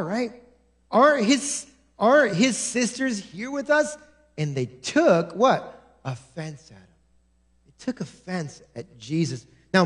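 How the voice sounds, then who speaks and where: A male pastor preaching a sermon in church, animated, acting out quoted voices with many restarts. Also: high voice.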